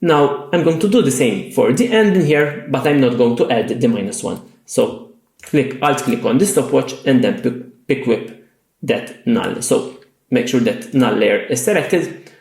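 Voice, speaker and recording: A man calmly walking through a software tutorial step by step. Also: mid-range voice, normal speed, gravelly. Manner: calm step-by-step explaining. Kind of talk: screen-recorded software tutorial. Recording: roomy echo with faint music.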